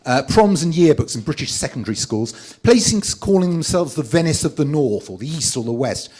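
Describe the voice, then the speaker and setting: A man's voice: on the high side, expressive, fairly quick, a little mellow, husky. A man, an author, reading a list of pet hates aloud at a live comedy event in a dry, sardonic manner. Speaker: author reading from his book.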